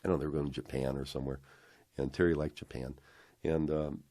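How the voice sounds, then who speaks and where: An older man, interviewed, excitedly retelling an old story and acting out the dialogue as he goes. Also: extremely low pitch, a little fast, dry recording. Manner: acts out dialogue, rambling and excited. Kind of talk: animated anecdote retelling.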